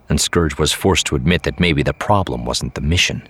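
A man narrates a novel in a measured, steady storytelling voice. His voice is extremely low, with a husky grain. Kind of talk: scripted audiobook narration.

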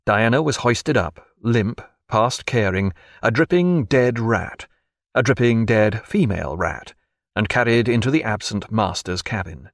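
A man reading a historical sea novel aloud as narrator, with an expressive storytelling delivery. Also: on the low side, unhurried, dry recording, studio quality. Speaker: audiobook narrator. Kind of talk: scripted narration.

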